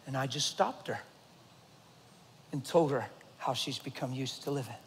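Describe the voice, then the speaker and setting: A man preaching a sermon to a church congregation, telling a story and swinging from loud to hushed. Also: mid-range voice, moderate pace, a little hiss or hum. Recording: long hall reverb.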